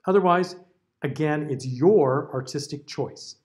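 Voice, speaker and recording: A man's voice: on the high side, unhurried. American man teaching diction, over-enunciating. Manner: demonstrative, over-enunciating example words. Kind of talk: classroom lecture.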